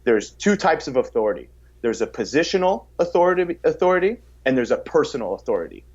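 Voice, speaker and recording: An energetic man, a fitness coach appearing as a podcast guest, talks about coaching in a casual conversation. His voice is a little high with a breathy edge, and he talks fast, repeating words as he starts sentences and acting out quotes in a raised voice. The podcast audio is slightly dull.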